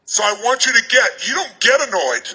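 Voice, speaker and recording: A man's voice: very high-pitched, very animated, noisy background. A man giving a seminar talk to a large arena crowd, firing commanding questions at them over a stage microphone. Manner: commanding, rapid-fire questions. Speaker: motivational speaker.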